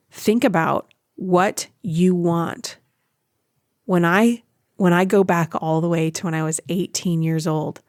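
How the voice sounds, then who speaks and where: A female podcast host gives relationship advice in a chatty, animated way, often acting out what other people say. Her voice is lowish, and the studio-quality recording has no echo.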